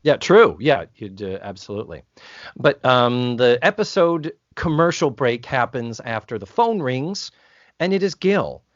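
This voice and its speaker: A male podcast host chats with a wry, sarcastic edge. His pitch jumps and swoops as he talks. The sound is close and dry, with dull, muffled audio. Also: very animated, measured pace, no echo. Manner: sarcastic, playful recapper. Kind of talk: casual chat.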